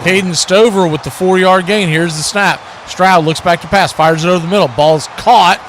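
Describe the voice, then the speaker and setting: On a watch-party stream, a male announcer gives live football play-by-play, briskly calling each play as it happens. His voice sits high and jumps sharply on big moments. Music plays underneath.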